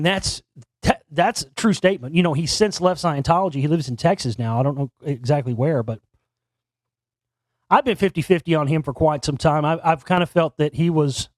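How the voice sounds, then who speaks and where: A man hosts his own talk show from a home setup and speaks straight into a desk microphone. His voice sits a bit high. He rambles casually, doubling back and repeating words as he goes, and the sound is dry with no room echo. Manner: rambling, frequent restarts and stammered repeats. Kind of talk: casual solo commentary. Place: home studio near Dallas.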